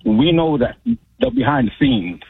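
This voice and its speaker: A man's voice: medium pitch, huge pitch swings, normal speed, gravelly, husky, dry recording. Man on a tinny phone line. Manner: rambling, streetwise storytelling. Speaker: radio caller, former club DJ. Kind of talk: casual call-in chat.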